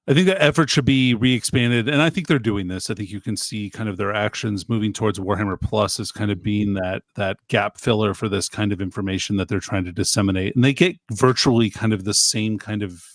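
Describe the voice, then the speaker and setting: A man's voice: on the low side, normal speed, dry recording. A man co-hosting a podcast in casual chat, blunt with dry short answers. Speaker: podcast co-host.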